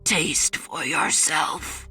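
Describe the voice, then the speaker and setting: A woman voicing a hungry male wolf creature with a raspy, hissing voice, drawn out slow and deep. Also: sharp tone, no echo, soft background music, heavily acted. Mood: growling hungry.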